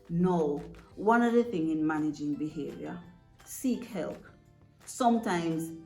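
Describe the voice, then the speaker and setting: A woman's voice: on the low side, a little mellow. Woman, direct advice-giver talking to parents; roomy echo. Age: adult parent. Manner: earnest and direct, checks in with "right?". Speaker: parent coach giving advice. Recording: echoey room with faint music.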